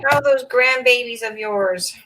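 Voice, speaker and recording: A woman's voice: a little high, moderate pace, a bit bright, rough recording. A woman in her fifties hosting a craft livestream, chatting casually, laughing often and greeting viewers by name. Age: 50s.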